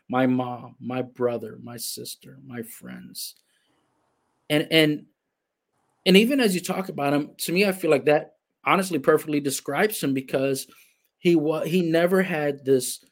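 A man hosting a broadcast interview, talking in a reflective, halting way with many restarts. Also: mid-range voice. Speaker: host. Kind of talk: interview conversation, livestream.

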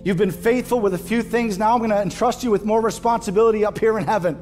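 A male pastor preaching a sermon to his church, impassioned and rising loud at emotional peaks. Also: high-pitched, fast talker, faint music behind. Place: church stage.

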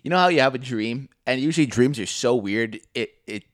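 A man's voice: medium pitch, lively intonation, brisk, no echo, studio quality. A young man co-hosting a podcast, chatting casually, swearing freely and acting out quotes with laughter. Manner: loose, laughing storyteller, swearing, acts out quotes. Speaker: podcast co-host. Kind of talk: casual chat.

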